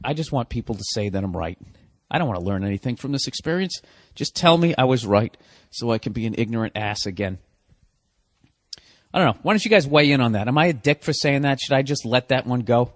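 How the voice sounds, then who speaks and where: A man's voice: medium pitch, quick pace, no echo. A man delivering a profane comedic rant, exasperated and full of swearing and rhetorical questions.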